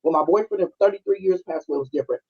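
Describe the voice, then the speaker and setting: Husky-voiced middle-aged woman telling a story. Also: lowish voice, very fast, muffled recording. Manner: conversational, heartfelt, full of "you know" and "like". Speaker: podcast co-host. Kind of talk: personal storytelling on a live stream.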